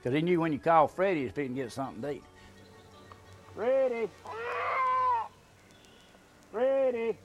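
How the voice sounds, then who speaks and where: A man's voice: fairly high pitch, expressive, racing, few pauses, lo-fi sound, over loud music. An older man telling a family story in a folksy, drawling way, chuckling often. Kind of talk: casual storytelling.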